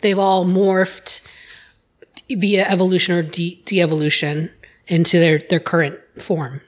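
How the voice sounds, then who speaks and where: A woman with a husky, somewhat low voice lays out her view slowly and carefully in a relaxed podcast conversation. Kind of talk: casual chat.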